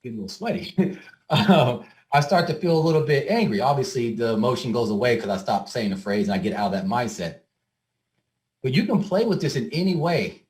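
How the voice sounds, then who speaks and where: A man's voice: mid-range voice, very animated, fairly quick, darkish tone. A man giving a motivational talk to a group, addressing them directly in a casual, conversational way with the odd "um". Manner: conversational, addresses the audience directly, frequent "um" and repeats. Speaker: workshop speaker.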